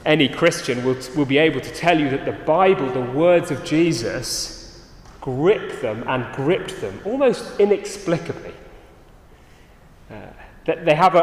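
A man's voice: fairly high pitch, expressive, measured pace. A man preaching a sermon, earnest, often restarting his sentences. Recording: roomy hall reverb.

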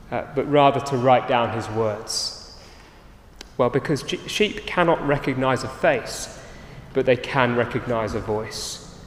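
Earnest preacher in a roomy hall. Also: male voice, medium pitch. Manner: earnest, with frequent restarts. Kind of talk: sermon.

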